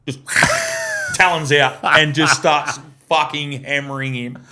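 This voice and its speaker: A man's voice: fairly high pitch, slow, background noise. Sweary man spinning a yarn. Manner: sweary, laughing mid-sentence, animated yarn-spinning. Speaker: podcast guest. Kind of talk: casual storytelling. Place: podcast studio.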